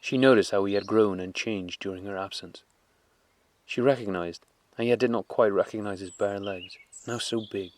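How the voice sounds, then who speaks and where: A man narrating a classic novel as an audiobook in a measured, calm, unhurried way. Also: fairly low pitch.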